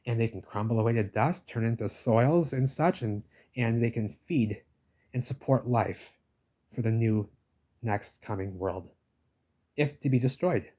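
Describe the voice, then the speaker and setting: A man's voice: mid-range voice, measured pace, mellow. An insistent, ranting man speaks to the camera while walking through an old village outdoors. His casual vlog monologue circles back on itself, hammering the same points again and again. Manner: ranting, insistent, talks at the camera with repeated "baby". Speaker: vlogger filming a village walk.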